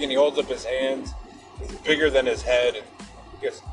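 A man's voice: medium pitch, fairly even intonation, a little fast, distant mic, faint music behind, low-quality recording. A middle-aged man hosting a podcast, telling a personal story and reflecting on faith in an earnest, emphatic way. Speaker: podcast host.

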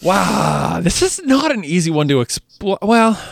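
A man from New Hampshire co-hosting a podcast in casual chat, halting and full of fillers, often chuckling. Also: sits high, wildly swooping pitch, vocal fry, dry recording, studio quality. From New Hampshire, USA. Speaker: podcast co-host.

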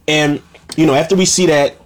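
A man's voice: a little high, fairly even intonation, fairly quick. A man recapping a movie in a casual, profane, exasperated rant, getting worked up as he goes. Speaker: movie reviewer.

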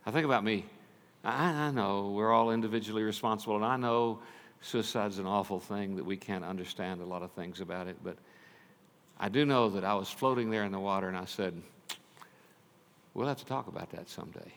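An older man preaching a sermon, telling stories and swinging from loud, urgent passages to hushed ones. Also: lowish voice, a little fast. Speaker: pastor. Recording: long reverb of a large hall.

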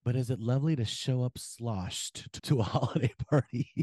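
A man hosting a casual gossip podcast, animated and giggly, swearing freely. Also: medium pitch, brisk, no echo, studio quality. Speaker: podcast host.

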